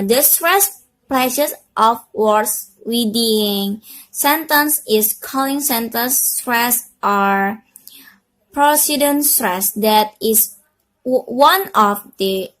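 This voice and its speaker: Young woman, student presenter, high-ish voice, slow, halting delivery full of fillers and restarts. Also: fairly bright tone. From Indonesia. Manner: halting, with fillers and self-corrections. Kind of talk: reading a class presentation.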